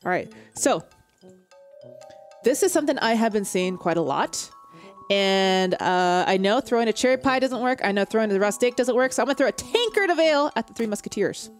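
A woman hosting a gaming video, chatting excitedly and reading game text aloud. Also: a little high, fairly quick, faint music behind.

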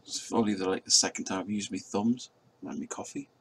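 A man's voice: lowish voice, fairly even intonation, brisk, fairly bright tone, a little hiss or hum. A man chatting casually and mocking himself as he flies a simulator, swearing now and then. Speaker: drone pilot vlogger. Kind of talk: casual commentary while flying a simulator. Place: indoors at a table.

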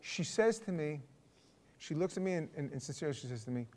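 Higher-voiced man leading a casual Bible talk. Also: animated, quick pace, darkish tone. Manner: conversational, restarts, asks the group questions. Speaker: Bible study leader. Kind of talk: casual church teaching.

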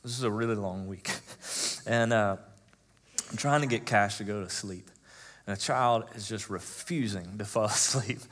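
Preaching as a pastor, a man in his thirties recounts his own experiences casually, with frequent fillers. He alternates hushed passages with loud, emotionally charged emphasis. His voice leans low, and he keeps a measured pace.

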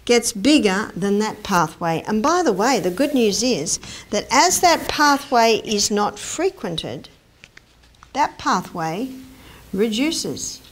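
A woman giving a lively health lecture, asking the audience questions and acting out quoted dialogue. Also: high voice. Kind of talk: animated public lecture. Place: lecture hall.

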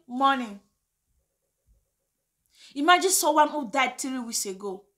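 A woman with a Nigerian accent hosts her own vlog, ranting casually with an impassioned, indignant opinion and slipping between English and Pidgin. Her voice sits high, with a bright, forceful tone.

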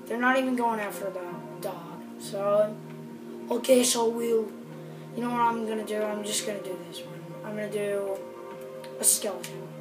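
A woman hosting a gameplay video, chatting casually in a rambling, excitable way and apologising often. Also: mid-range voice, normal speed, distant mic. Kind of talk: casual game commentary. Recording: roomy sound from off the mic with music behind.

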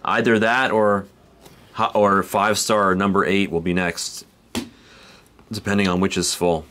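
A man's voice: sits low, flat delivery, unhurried, fairly bright tone, slight background noise. A man casually chatting on a live stream while opening cards, rambling and chuckling as he reads names aloud. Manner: rambling, laid-back, chuckles between remarks, reads card names aloud. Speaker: card break host.

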